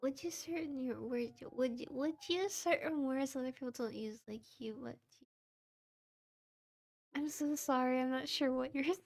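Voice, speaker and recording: A woman's voice: high voice, moderate pace. A young woman streamer chatting casually with her viewers while she works on art. She giggles often and keeps apologizing in a friendly, self-deprecating way. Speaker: VTuber streamer and model rigger. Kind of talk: casual livestream chat. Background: soft background music.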